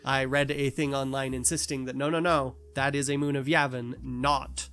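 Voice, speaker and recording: A man co-hosting a casual podcast chat, animated and quick to slip into mock voices to make a point. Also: medium pitch, faint music behind. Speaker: podcast co-host.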